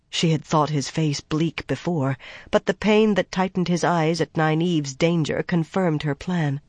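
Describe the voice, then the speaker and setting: Brief: steady fiction narrator, middle pitch, dry booth recording. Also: no echo. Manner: measured, even storytelling. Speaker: audiobook narrator. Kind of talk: scripted narration.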